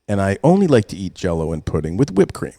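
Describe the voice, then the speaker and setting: Animated swearing man telling a story. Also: deep voice, fast talker, vocal fry, no room sound, studio quality. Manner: animated, swears a lot, acts out his own yelling. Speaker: podcast co-host. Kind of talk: storytelling in casual chat.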